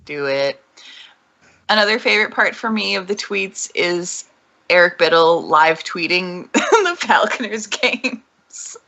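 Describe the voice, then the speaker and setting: Bright, lively woman gushing casually. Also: on the low side, slow pace, vocal fry. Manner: giggly, enthusiastic fan talk. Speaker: podcast co-host. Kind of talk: casual chat.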